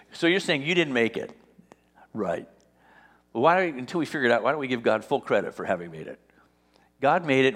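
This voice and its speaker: A pastor preaches a sermon in a big-room acoustic, telling stories and acting out the dialogue. His medium-pitched, somewhat bright voice rises in force when he reads scripture.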